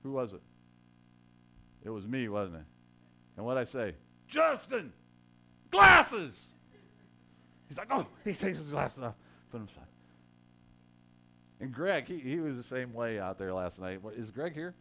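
A man's voice: medium pitch, animated, normal speed, long pauses, slight background noise. A man preaching a sermon in a conversational way, joking with his congregation and rising to emphatic quotes. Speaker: pastor.

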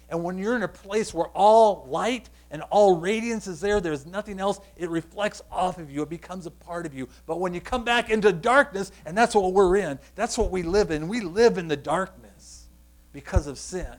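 A man delivering a sermon in a slightly raised voice. He works through scripture with rhetorical questions, dropping to a hush and then building to loud, emphatic lines. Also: sits high, normal speed. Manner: earnest, explanatory, asks rhetorical questions; swings between hushed and loud emphatic passages. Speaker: preacher.

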